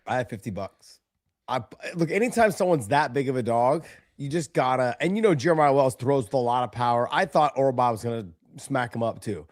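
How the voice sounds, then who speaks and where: A man's voice: mid-range voice, lively intonation, fairly quick, no echo, clean studio sound. A man hosting a sports podcast, telling loose, rambling stories in casual chat. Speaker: podcast host.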